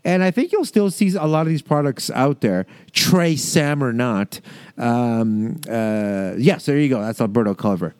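A man's voice: mid-range voice, lively intonation, measured pace, darkish tone, smooth, dry recording. Guy from the south chatting loose on a podcast, lots of ums and laughs, dry close sound. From American South. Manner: laughing, rambling, reads excerpts aloud. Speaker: podcast co-host. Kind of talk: casual chat.

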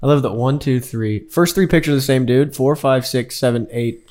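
A man's voice: medium pitch, a little fast, darkish tone. A young man co-hosting a podcast, teasing and swearing in casual chat. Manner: crude, teasing, profane. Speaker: podcast co-host.

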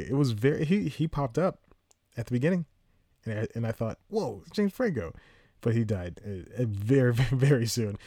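A man's low, dark voice comes through studio-clean with no room sound. Hosting his podcast, he offers a casual, rambling take on a movie he watched, often breaking off his own sentences and chuckling.

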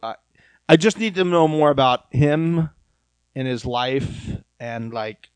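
A man's voice: medium pitch, slow pace, clear, resonant tone, dry recording, rough recording. Man chatting in a dry room. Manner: chatty, gossipy, acts out quotes of others. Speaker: podcast co-host. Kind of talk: casual chat about reality TV.

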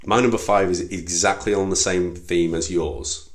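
A man's voice: sits low, steady tone, normal speed, roomy sound, slight background noise. A man co-hosting a casual podcast chat, talking in a chatty way, laughing often and restarting his sentences. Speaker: podcast co-host.

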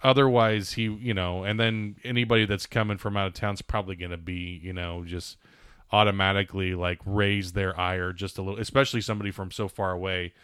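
Smooth, low-voiced man joking casually. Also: level tone, a little fast, fairly bright tone, no echo, clean studio sound. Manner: wry, joking, thinks aloud with fillers. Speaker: podcast co-host. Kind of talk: casual news chat.

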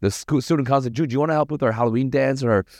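This is a man who talks quickly and keeps his stories moving, slangy and animated. His voice sits at an average pitch, and the recording is dry and close with no room sound. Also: no room sound. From Toronto, Canada. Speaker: podcast guest, party promoter. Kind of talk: casual storytelling.

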